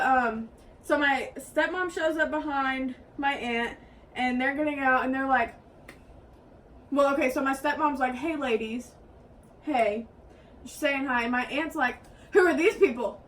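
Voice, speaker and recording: A young woman with a drawl tells a story to a friend and slips into quoted voices with a raised pitch. Her voice sits high, and she sounds a little distant from the mic. A faint hiss runs underneath. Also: measured pace, long pauses, fairly bright tone. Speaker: co-host. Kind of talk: casual storytelling.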